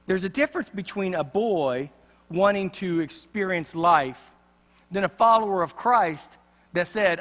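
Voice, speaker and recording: A man preaching a sermon with a somewhat high voice, moving dramatically between loud passages and near-hushed ones. A long church reverb trails behind his words. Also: unhurried. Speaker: pastor.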